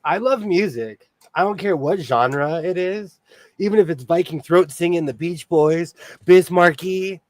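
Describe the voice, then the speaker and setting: A man's voice: fairly high pitch, unhurried, no room sound. A man from California hosting a casual chat, rambling along and laughing often. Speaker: podcast host.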